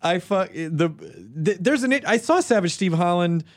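A man hosting a podcast, reading an ad and chatting in a rambling, jokey way with quick restarts. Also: high-pitched, animated, no room sound, studio quality. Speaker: podcast host. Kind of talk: casual chat and live-read ad.

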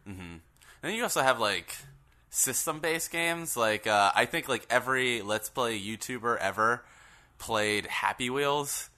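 A man's voice: medium pitch, lively intonation, a little slow, sharp tone. A man co-hosting a casual podcast, rambling a little and laughing easily. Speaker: podcast co-host.

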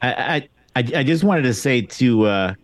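A man's voice: mid-range voice, expressive, moderate pace, slight background noise. A man chatting casually on a talk show panel, rambling in an exasperated way. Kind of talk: casual political chat.

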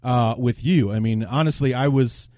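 Blunt man with a dark, dry voice. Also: medium pitch, moderate pace, no room sound. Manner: blunt, opinionated, thinks aloud. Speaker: podcast host. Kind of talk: casual podcast chat.

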